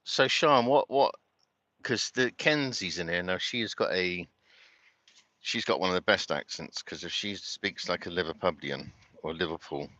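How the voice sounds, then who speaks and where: A man's voice: low-pitched, moderate pace, bright, forceful tone, no room sound. A man with a London accent chatting casually to his viewers on a livestream, rambling and asking them questions. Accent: London English. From London, England. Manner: rambling, talks to chat viewers while doing chores. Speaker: livestream host.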